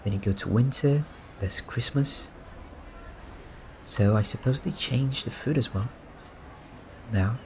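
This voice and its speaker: A man giving relaxed, soft-spoken gameplay commentary, musing and amused as he points things out. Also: mid-range voice, slow, long pauses, a little hiss or hum. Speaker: gaming streamer.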